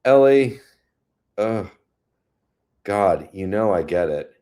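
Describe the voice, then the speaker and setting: A man with a deep, low voice hosts a relaxed live stream from his home in New York City. He talks slowly and unhurriedly, chatting about the weather and answering viewer comments with gentle, consoling words. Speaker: host. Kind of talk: casual live-stream chat.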